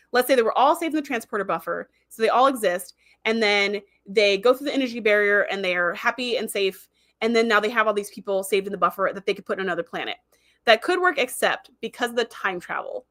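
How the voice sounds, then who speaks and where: A woman's voice: mid-range voice, a bit bright. A woman hosting a casual livestream, chatting in a rambling way and reading viewer comments aloud. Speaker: livestream host.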